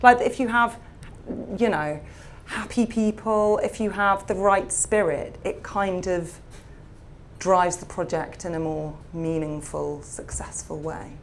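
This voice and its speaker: Woman interviewer, lowish voice, thoughtful long questions, faint room hum. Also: slow pace. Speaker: interviewer, event host. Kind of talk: live event interview.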